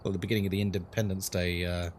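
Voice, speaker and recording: A man hosting a casual live stream of a horror game, greeting viewers one by one with quick jokes. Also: deep voice, flat delivery, over loud music.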